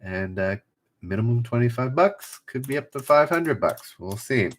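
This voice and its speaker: On a casual trivia stream, this host repeats each clue and trades jokes with his chat, keeping things chatty. He speaks at a moderate pace with a medium-pitched voice and lively intonation.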